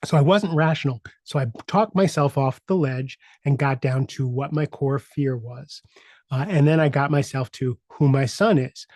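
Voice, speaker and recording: A middle-aged man hosts a coaching podcast and talks through a personal story in a loose, halting way, circling back with fillers and restarts. His voice is warm and mellow at an ordinary pitch. It is recorded dry and close, with no room sound. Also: no echo. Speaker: podcast host and executive coach. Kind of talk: casual personal storytelling monologue.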